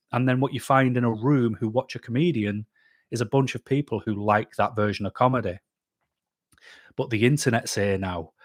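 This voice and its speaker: An English man hosts a casual live stream, reading chat comments out loud and answering them bluntly. He's a YouTube channel host with a chatty manner. His mid-range voice is recorded at studio quality with no echo.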